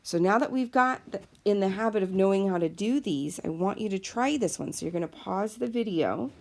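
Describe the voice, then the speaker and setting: A woman's voice: medium pitch, lively intonation, a little fast, creaky, darkish tone. A woman teacher explaining a lesson patiently, step by step, in a recorded classroom video. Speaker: Spanish teacher.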